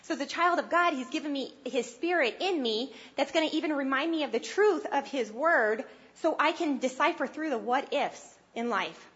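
Earnest high-voiced woman preaching. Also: animated, normal speed, hardly any pauses, a bit bright, lo-fi sound. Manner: earnest and conversational, rising with emphasis. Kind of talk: sermon.

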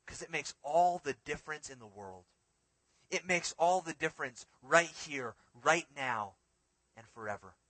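Forceful, bright-voiced male preacher. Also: fairly high pitch, animated, measured pace, no echo. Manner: dramatic, swings between forceful emphasis and hushed lines. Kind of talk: sermon.

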